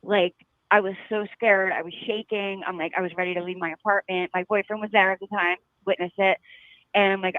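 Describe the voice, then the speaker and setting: A woman's voice: mid-range voice, fairly even intonation, a little fast, dry recording. A woman caller on a call-in show, talking with a slight lisp after mouth surgery and laughing often. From New Jersey. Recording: tinny phone line.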